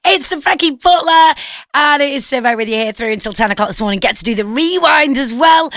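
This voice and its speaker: A woman's voice: sits high, lively intonation, a little fast, a bit bright, no room sound, studio quality. A woman presenting a morning radio show, chatty and enthusiastic, with rambling asides. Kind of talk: casual morning radio chat. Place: radio studio. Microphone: studio microphone.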